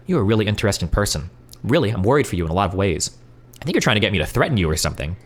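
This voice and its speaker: Lower-voiced man, rapid and animated, reads out a chat feud doing sarcastic character voices. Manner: quick, animated delivery with sarcastic put-on voices. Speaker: streamer reading a chat exchange aloud. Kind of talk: live reading of messages, switching voices.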